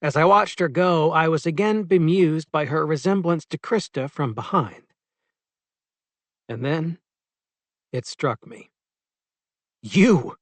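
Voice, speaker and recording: A man reading a short story in the first person for an audiobook, with a measured, steady delivery. His voice sits a little on the high side and is recorded close and dry. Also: no room sound. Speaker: audiobook narrator. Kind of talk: first-person scripted narration.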